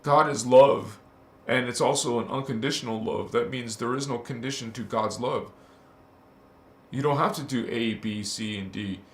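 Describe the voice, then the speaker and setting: A man giving an impassioned spiritual talk, casual and slangy, swearing and flaring up into loud outbursts. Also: mid-range voice, moderate pace, echoey room. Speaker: spiritual teacher.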